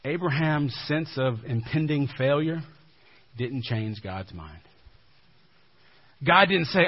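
A man's voice: lively intonation, slow, long pauses, husky. Conversational male preacher, lo-fi sound. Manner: conversational, dropping to a hushed low voice for emphasis. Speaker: pastor. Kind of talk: sermon. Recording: dull lo-fi recording.

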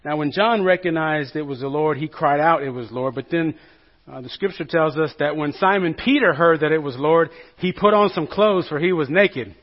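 Speaking at a normal speed, a male pastor with a fairly high voice gives a laid-back, joking sermon in church and keeps asking his congregation questions. The audio is dull and lo-fi.

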